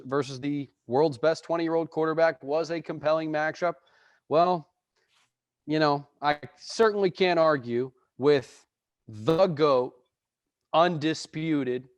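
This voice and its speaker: Male podcast co-host, high voice, blunt opinionated sports talk. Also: clear, resonant tone, dry recording. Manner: opinionated, emphatic ranting. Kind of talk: casual sports chat.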